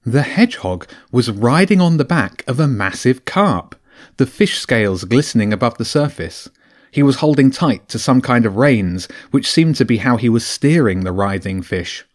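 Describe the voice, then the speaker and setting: A man narrating a children's adventure audiobook with a lively, expressive reading. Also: mid-range voice, normal speed. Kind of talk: storybook narration.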